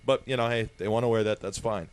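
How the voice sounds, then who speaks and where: A man's voice: fairly low pitch, quick pace, clear, resonant tone. A man on a radio talk show telling a story with wry humor and acting out the quotes. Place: radio studio.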